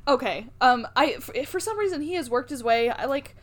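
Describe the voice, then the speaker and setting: A woman's voice: sits high, expressive, moderate pace. A young woman co-hosting a podcast, chatting casually with rambling, giggly asides. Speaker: podcast co-host. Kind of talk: casual chat.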